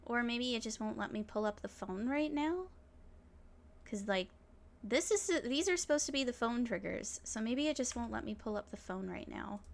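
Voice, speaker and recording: A woman's voice: fairly high pitch, lively intonation, moderate pace, gravelly. A woman streamer chatting casually and thinking aloud while playing a visual novel. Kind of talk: casual let's-play commentary.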